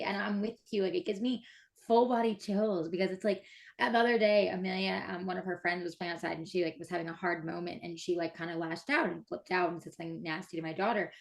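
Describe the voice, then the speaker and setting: A woman's voice: lowish voice, fairly even intonation, quick pace, vocal fry. A woman in her thirties in casual heartfelt conversation, enthusiastic and gushing, with many fillers. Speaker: mother and breathwork practitioner.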